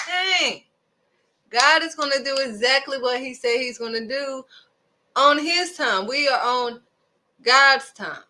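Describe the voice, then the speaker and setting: A woman delivers a casual devotional talk with a bright, forceful tone. She is emphatic and keeps pressing her point with rhetorical questions. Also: fairly high pitch, lively intonation, measured pace. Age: adult, raising children. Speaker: host of a devotional video.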